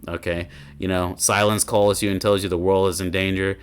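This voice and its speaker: A man's voice: low-pitched, level tone, fairly quick, clear, resonant tone. A man doing a casual reaction commentary as a gaming YouTuber, ranting and swearing in an exasperated way.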